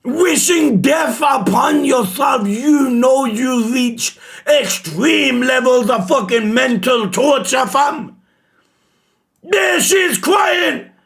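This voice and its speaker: A man reacting live to a manga chapter, emotional and shouting, swearing often. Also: very high voice, expressive, takes it slowly, vocal fry. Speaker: reaction streamer.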